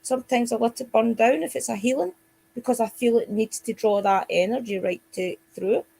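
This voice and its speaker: A woman's voice: fairly high pitch, brisk, gravelly, dark tone, slightly rough. A Scottish woman co-hosting a casual spiritual chat show, talking straight to her listeners. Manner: chatty, addresses listeners directly. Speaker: co-host.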